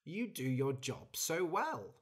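Narrator voicing male sausage, storybook, gentle, slow, husky, soothing. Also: mid-range voice, sing-song, voice pushed up, heavily acted. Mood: placating.

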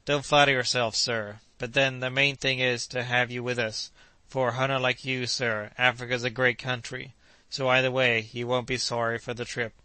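A man's voice: medium pitch, level tone, normal speed, pushed and bright, clean tone, no room sound, lightly acted. A man voicing a cheerful, loyal young manservant who talks eagerly in an audiobook.

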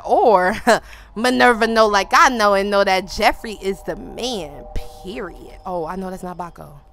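A young woman hosting a gaming video, giving loud, playful trash-talk commentary full of slang. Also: on the high side, no echo. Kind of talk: let's play commentary.

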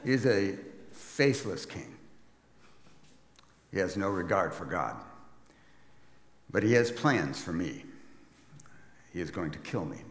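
Man as burdened old prophet, deep voice, grave and wry, long church-hall reverb. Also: exaggerated voice. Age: 70s. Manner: grave, reflective monologue with wry asides. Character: aged male prophet, weary and burdened. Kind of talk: dramatic first-person sermon monologue.

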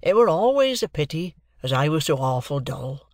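A man putting on a slow, gentle village blacksmith. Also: fairly high pitch, big pitch swings, no room sound, studio quality. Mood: comfortable. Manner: slow, comfortable, plain rustic speech. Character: kindly slow-spoken village blacksmith, middle-aged man.

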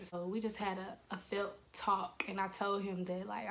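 A young adult woman telling a storytime vlog story and acting out the quotes in an animated way. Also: medium pitch, normal speed, hardly any pauses, a little hiss or hum. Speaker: vlogger.

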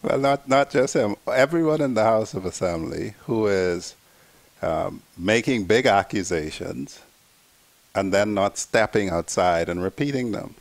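A man's voice: fairly low pitch, lively intonation, a little slow, gravelly, no room sound. A man co-hosting a talk show, bantering dryly with the main host.

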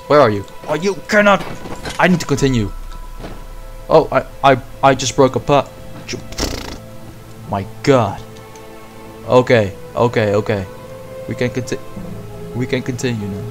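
A young man hosting a horror game let's play, yelping and swearing at scares, then dropping to a hush. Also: mid-range voice, measured pace, long pauses, soft background music. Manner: jumpy, yelps and swears at scares, then hushes.

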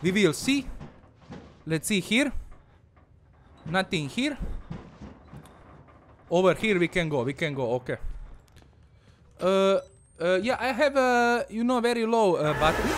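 With big swings in pitch and faint music in the background, the high-voiced gaming channel host narrates a horror game in his comic persona of a fearless, boasting Balkan villager. His halting English slides into Bosnian, laced with frequent swearing and nervous mutters.

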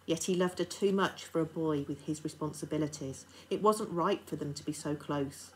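A stern lady of the manor, still a grieving mother, speaking low and grave, as a woman reads her lines aloud. She gives commands one moment and halts over her words the next. Her voice is deep for a woman. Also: normal speed, a little hiss or hum, natural voice, poor audio.

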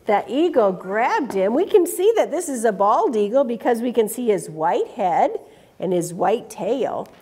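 A woman reading a picture book aloud to children in an animated way, stopping to ask them questions. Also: a little high, measured pace, breathy edge. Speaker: storytime reader.

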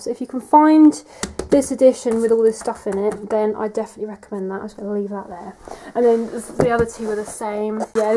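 A young woman chats through a casual bookshelf tour in her bedroom, rambling and filling gaps with "like" and "um". Her voice sits a little high, and a faint hiss runs under the camera mic. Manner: chatty and rambling, says "like" and "um" often. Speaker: vlogger.

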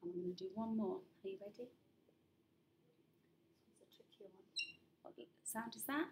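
A woman teaching a recorded phonics lesson to young children, spelling out sounds slowly and patiently encouraging them. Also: mid-range voice, heavy background noise.

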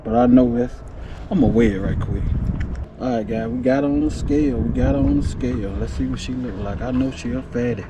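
A man giving lively, excited commentary while fishing from a boat and talking to the fish. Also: medium pitch, fairly quick, highs cut off. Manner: lively, talks to the fish and viewers. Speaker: fishing vlogger. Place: outdoors on the water, in a boat. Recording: noisy outdoor phone recording.

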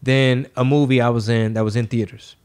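A man's voice: mid-range voice, level tone, fairly quick, darkish tone, clean tone. Male podcast host, casual and profane, rambling storyteller, mid-range voice.

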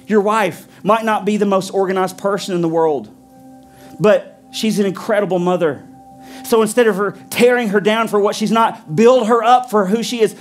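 A pastor preaching a sermon with an emphatic, repetitive cadence, then leading a prayer. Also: male voice, high voice, normal speed, soft background music.

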